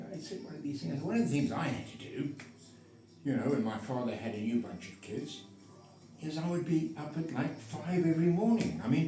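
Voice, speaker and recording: A man's voice: fairly high pitch, mellow. Rambling older man, roomy and distant. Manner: digressive, self-interrupting, with frequent restarts. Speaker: storyteller. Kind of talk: rambling personal storytelling. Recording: roomy echo, mic set far off.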